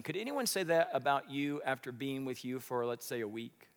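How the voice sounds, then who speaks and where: A man preaching a sermon, telling stories with big swings, shouting at the high points and dropping to a whisper. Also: lively intonation, moderate pace, creaky, clear, resonant tone. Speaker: pastor. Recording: long hall reverb.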